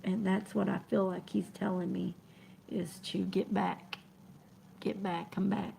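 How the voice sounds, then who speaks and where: A woman, talking to her live-stream viewers in an emotional, halting way that often drops to a whisper. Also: medium pitch, level tone, gravelly, mellow, slight background noise. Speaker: trucking vlogger reading live chat.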